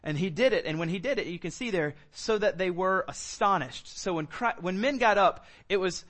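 A man's voice: sits high, lively intonation, normal speed, a bit bright. A man preaching a sermon as pastor, talking in a loose, conversational way with fillers and repeated words.

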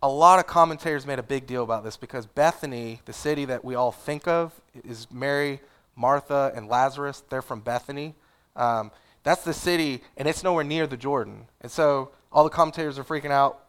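A man's voice: mid-range voice, a little fast, fairly bright tone, clean tone. A man preaching a sermon in a conversational, casual way, with asides and fillers. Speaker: pastor.

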